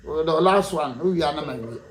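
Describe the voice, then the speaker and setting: Animated Ghanaian man in an echoey room. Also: on the high side, fast, a crowd in the background. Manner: animated, rhetorical, laughs between points. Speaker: political guest. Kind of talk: impassioned interview answers mixing Twi and English.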